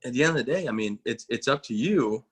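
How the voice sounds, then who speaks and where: A man's voice: mid-range voice, lively intonation, fast talker, husky. A man in his thirties, an army veteran, telling stories in a casual interview, folksy and self-mocking, acting out quoted voices. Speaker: guest, army veteran and motivational speaker.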